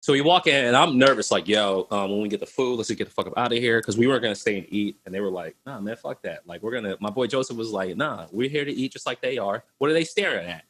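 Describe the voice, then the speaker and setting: Young man from Minnesota, husky and bright, a lively storyteller on a video call. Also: on the low side, quick pace, hardly any pauses. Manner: animated, laughing, acts out voices in his stories. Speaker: podcast guest.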